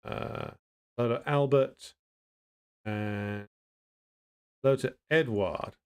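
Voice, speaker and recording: A man hosting a casual livestream, greeting viewers and answering their comments in a blunt, opinionated way, pausing often to think and restarting his sentences. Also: medium pitch, darkish tone, smooth. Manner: thinks aloud with frequent pauses and restarts. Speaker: livestream host.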